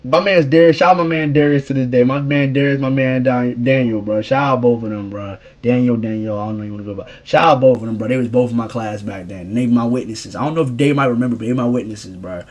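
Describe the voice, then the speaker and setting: A young man with a husky, breathy voice tells a casual storytime rant full of slang and swearing. He swings between loud, high outbursts and quiet, muttered asides, and his voice sits at an ordinary middle pitch. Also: fast talker, few pauses. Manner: slangy and profane, bursts of loud high exclamations between low mumbled asides. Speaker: streamer telling a story.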